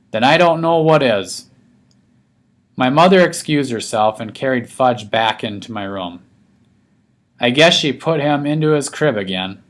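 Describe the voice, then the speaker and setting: Man reading a first-person kids' story. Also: medium pitch. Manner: storytelling as a young boy. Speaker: audiobook reader. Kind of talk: first-person scripted narration.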